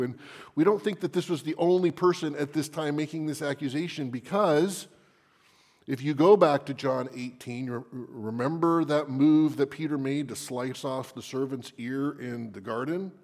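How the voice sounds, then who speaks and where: A man preaching a sermon dramatically, at times dropping into a hushed whisper for emphasis. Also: medium pitch, moderate pace.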